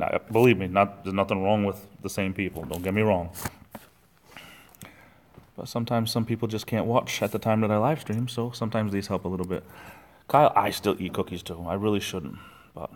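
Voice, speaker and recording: A man hosting a casual livestream from home, rambling chattily and answering viewers' comments. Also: on the low side. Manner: rambling, chatty, reads chat comments aloud. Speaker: livestream host.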